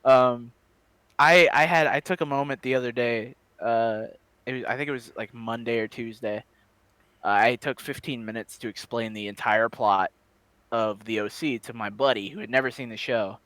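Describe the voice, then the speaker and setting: A man's voice: medium pitch, normal speed, a bit bright, clean tone, dry recording. A young man co-hosting a podcast in casual chat, constantly laughing as he riffs on absurd jokes. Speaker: podcast co-host.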